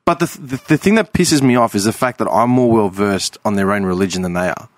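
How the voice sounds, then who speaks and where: A man's voice: on the low side, brisk, dry recording, studio quality. A man ranting in casual podcast chat, often adding "man" and "right?". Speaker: podcast host.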